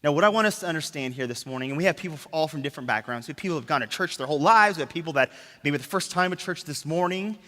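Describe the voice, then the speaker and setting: A man pastor preaching a sermon, emphatic, dropping to a hush on key words and asking rhetorical questions. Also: on the high side, lively intonation, rapid-fire, few pauses. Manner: asks the crowd rhetorical questions. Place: church sanctuary. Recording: long reverb of a church hall.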